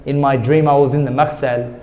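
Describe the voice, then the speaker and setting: A man's voice: mid-range voice, little pitch movement, fairly quick, a little mellow, in a large hall. A middle-aged man, a guest in an interview, earnestly telling a personal story and repeating words when he gets emotional.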